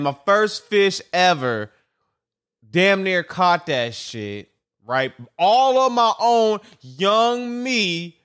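A young man with a high voice hosts a comedic solo podcast, telling a rambling story. He swings his pitch up and down for comic effect and trips over his words, circling back to repeat himself. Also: fairly bright tone, clean tone. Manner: rambling, repeats and restarts phrases. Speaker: podcast host.

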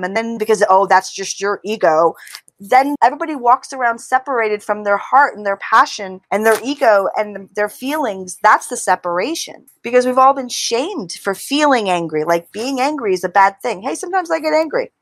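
A middle-aged woman answers interview questions, talking animatedly and slipping into little voices for the thoughts she describes. Her pitch sits in a middle range. The recording is dry, with no room echo. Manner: animated, acts out inner voices. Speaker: interview guest, author. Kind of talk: conversational interview.

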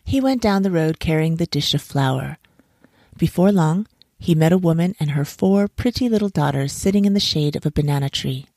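Low, gravelly woman storyteller. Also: no room sound, studio quality. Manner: measured, expressive reading. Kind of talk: storybook narration.

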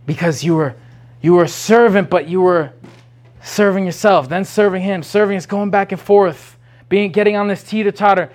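Male preacher, high-pitched, informal rambling sermon delivery. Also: moderate pace. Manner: rambling, restarts often, rising to urgent questions.

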